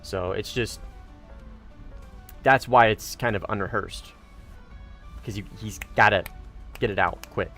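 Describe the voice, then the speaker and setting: A man's voice: lowish voice, a little slow, vocal fry, long pauses, fairly bright tone, soft background music. A man streaming a game and chatting with viewers, rambling and correcting himself as he goes, with casual swearing. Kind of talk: casual gaming livestream chat.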